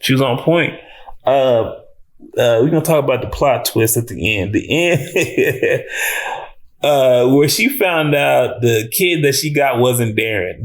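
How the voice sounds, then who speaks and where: A man giving a casual, animated reaction review of a TV episode, talking in slang, swearing and restarting often. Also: medium pitch.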